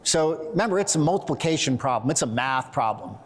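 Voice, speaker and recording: Quick, joking male conference speaker. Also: fairly high pitch, slight background noise. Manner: animated, quick, joking storyteller. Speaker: conference presenter. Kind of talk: conference talk. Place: conference hall.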